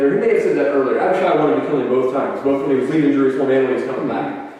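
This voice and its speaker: A man's voice: on the high side, rapid-fire, darkish tone. A man teaching a conversational Bible lesson, retelling stories loosely with many hesitations and restarts. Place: church meeting room. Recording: echoey hall from a distant mic.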